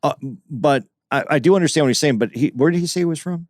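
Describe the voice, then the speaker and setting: A man's voice: fairly high pitch, quick pace, darkish tone, dry recording, clean studio sound. A man co-hosting a podcast in casual discussion, explaining his point at length and restarting sentences as he thinks it through. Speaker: podcast co-host.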